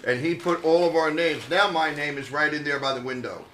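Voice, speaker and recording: An older man, a comedian guest, telling a story in casual chat and lively acting out the people in it. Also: fairly high pitch, fairly quick, slight background noise. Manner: animated anecdote teller who acts out quoted voices.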